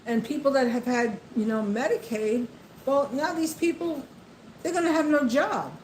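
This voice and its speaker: A woman's voice: high-pitched, normal speed, a little mellow, slight background noise. Impassioned woman ranting in an echoey room. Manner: impassioned, repetitive, addresses the president directly. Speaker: vlogger. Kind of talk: political commentary monologue. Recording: echoey room with faint ambience.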